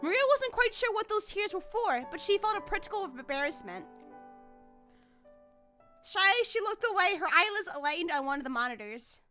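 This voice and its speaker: A woman's voice: extremely high pitch, big pitch swings, moderate pace, bright, forceful tone. A woman streamer reading a visual novel aloud and reacting emotionally, with exclamations, over faint music. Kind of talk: let's play reading and reacting.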